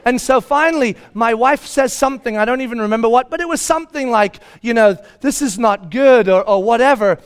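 High-voiced man preaching a story. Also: quick pace, few pauses, smooth. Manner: storytelling, acting out his own shouting. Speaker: pastor. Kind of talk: sermon.

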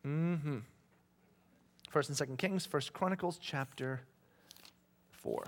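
A male preacher with a slightly high voice gives a relaxed, conversational sermon. He jokes with his listeners, laughs easily, and slips into little voices when he tells a story. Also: takes it slowly. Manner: conversational and joking, laughs often, acts out voices. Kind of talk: casual sermon.

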